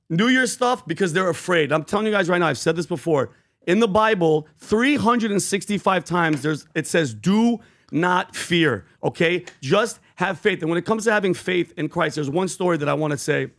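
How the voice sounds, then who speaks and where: A man, co-hosting a podcast, pitching merch and earnestly retelling a Bible story. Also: normal speed. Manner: earnest, animated storytelling with acted quotes. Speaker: podcast co-host.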